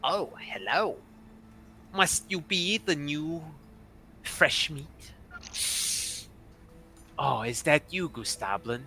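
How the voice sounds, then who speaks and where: A man's voice: on the high side, animated, takes it slowly, long pauses, pushed and bright, a little hiss or hum, heavily acted. A man voicing a finely dressed male goblin lord with a pirate look, who is sly and scheming and keeps repeating his words. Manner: wheedling, repeats words, brusque insults.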